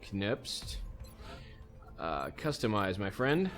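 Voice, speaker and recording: A man's voice: lowish voice, sing-song, very slow, fairly bright tone, faint music behind. A man hosting a let's play, casually thinking aloud as he plays a strategy game. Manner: easygoing, thinks aloud while playing. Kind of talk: casual gameplay commentary.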